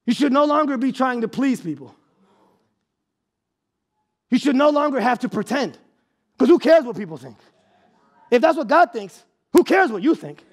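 A man preaching an impassioned sermon as a pastor, often shouting for emphasis and repeating words as he restarts phrases. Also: very high-pitched, animated, normal speed, long pauses.

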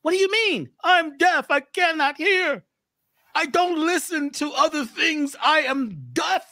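A man's voice: extremely high pitch, measured pace, bright, forceful tone, no echo, clean studio sound, voice pushed up, full character voice. A man voicing a stubborn deaf male frog who firmly declares he will keep going. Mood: defiant. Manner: firm, declaring.

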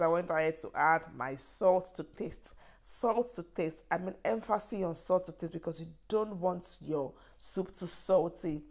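A woman with a Nigerian accent walks viewers through a recipe in a chatty, encouraging way, often stressing her points with "yes" and "trust me". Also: on the low side. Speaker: cooking vlogger. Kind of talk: cooking demonstration.

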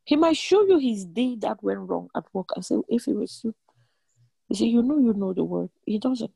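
A woman leading an online prayer meeting, preaching in a motherly, animated way and laughing often. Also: fairly high pitch, moderate pace, gravelly, breathy edge, no echo. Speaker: prayer leader.

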